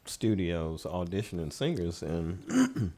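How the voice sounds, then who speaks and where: A middle-aged man, a studio owner casually telling stories as a podcast guest with relaxed, rambling anecdotes. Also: low voice, slow pace, slightly rough. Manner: relaxed, rambling anecdotes, laughing as he tells them. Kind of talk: casual storytelling in a podcast interview.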